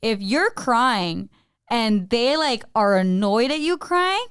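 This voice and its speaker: Young woman chatting with a clear, high voice. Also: takes it slowly, no room sound, studio quality. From Mexican-American family. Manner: animated storyteller, acts out parents' lines, lots of "like". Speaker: podcast co-host. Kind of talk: casual chat.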